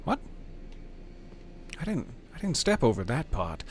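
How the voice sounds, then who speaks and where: A man's voice: mid-range voice, sing-song, moderate pace, long pauses, slight background noise. A man streaming a video game, talking casually and playfully to the game and his chat, sometimes reading item text aloud in a mock-dramatic way. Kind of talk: casual gameplay commentary.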